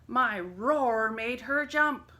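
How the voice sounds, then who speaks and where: A boastful male lion from a children's story, played by a woman. He plots in a low scheming whisper. The voice is bright and slow-paced, rising and falling freely. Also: big pitch swings, exaggerated voice. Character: proud squabbling male lion.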